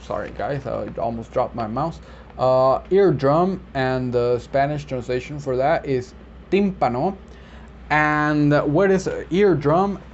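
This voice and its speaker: A man who works as a medical interpreter, explaining vocabulary in a relaxed, rambling way with many fillers and self-corrections. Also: medium pitch, slow pace. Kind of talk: casual explainer video. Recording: slightly dull lo-fi audio with faint background noise.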